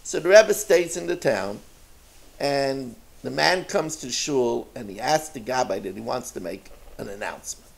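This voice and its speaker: A man, a rabbi, telling a story in a sermon, with lively storytelling and dramatic voices. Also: mid-range voice, normal speed, gravelly.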